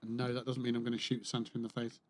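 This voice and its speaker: A man's voice: mid-range voice, monotone, very fast, darkish tone, slight background noise. A man chatting casually while playing a game on a livestream, muttering to himself and swearing dryly, close to his microphone. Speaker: streamer. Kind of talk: casual gameplay livestream commentary.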